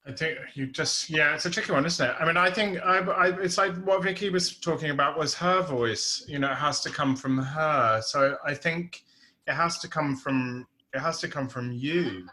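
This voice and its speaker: A man's voice: a little high, moderate pace, sharp tone. A man with an Essex accent hosting an online playwriting Q&A, talking casually with many restarts. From England. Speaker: theatre director hosting a Q&A. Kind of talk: casual online workshop chat.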